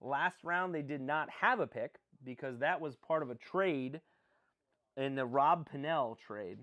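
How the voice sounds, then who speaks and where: A young man hosting a live stream, commenting on a sports draft in an excitable, rambling way and often correcting himself. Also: mid-range voice, measured pace.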